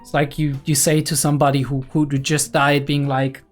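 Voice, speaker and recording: A young man giving casual anime reaction commentary, excited and analytical, often checking in with "right?" and filler "like". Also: on the high side, normal speed, faint music behind. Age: young adult.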